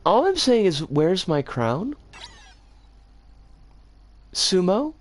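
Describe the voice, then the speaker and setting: This woman's lowish voice swings widely in pitch and moves extremely slowly. She's streaming a game and offering casual live commentary, rambling along and sometimes erupting in frustration.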